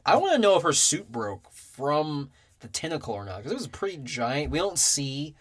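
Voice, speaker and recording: A man's voice: a little high, sing-song, a little fast. A man co-hosting a casual film review podcast, rambling with lots of fillers, swearing and frequent laughter. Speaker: podcast co-host.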